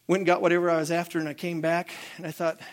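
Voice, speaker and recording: A man preaching a sermon as pastor, animated and calling out to the congregation for responses. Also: fairly high pitch, rapid-fire.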